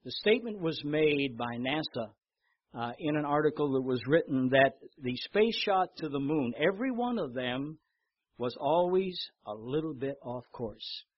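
An older man preaching a sermon, telling stories with lively repetition and reading scripture aloud. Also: on the high side, normal speed, slightly rough, dry recording, highs cut off. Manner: storytelling, animated in anecdotes, repeats words. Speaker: pastor.

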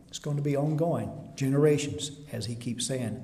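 A male pastor preaching a sermon to a seated congregation, reading scripture slowly and emphatically, often rising to louder declarations. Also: medium pitch. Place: church hall before a seated congregation. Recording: echoey hall with long reverb.

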